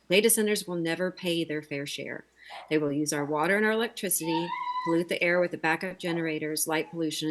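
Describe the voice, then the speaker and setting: A woman joins a council meeting remotely over a video call and reads an insistent prepared statement. Her voice is somewhat low, and her delivery stays urgent and pointed throughout. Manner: urgent, insistent, reading from notes. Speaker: public commenter at city council. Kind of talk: prepared public comment speech.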